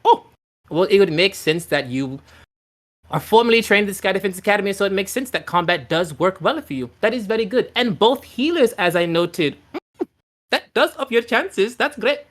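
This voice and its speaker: A man's voice: high-pitched, animated, moderate pace, fairly bright tone, pitched above the performer's own voice. A man voicing a weary old woman with a world-saving mission, who talks in a dry, matter-of-fact, resigned way. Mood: appraising.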